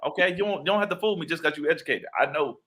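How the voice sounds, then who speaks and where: A man's voice: fairly high pitch, expressive, rapid-fire, a bit bright. A young adult man in a casual interview, telling playful stories and acting out the voices of the people in them. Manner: playful storyteller, acts out quoted voices. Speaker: guest author and actor.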